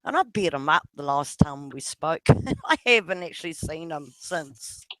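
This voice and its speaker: A woman's voice: deep voice, expressive, normal speed, pushed and bright, no room sound. A woman with a New Zealand accent in a casual voice chat, rambling, swearing freely and laughing often.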